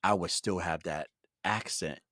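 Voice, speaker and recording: Brief: deep-voiced podcast host in his fifties, laid-back reflective storyteller, dry close mic. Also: unhurried, dry recording. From Brooklyn, New York. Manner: reflective storytelling, relaxed and personal. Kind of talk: conversational interview.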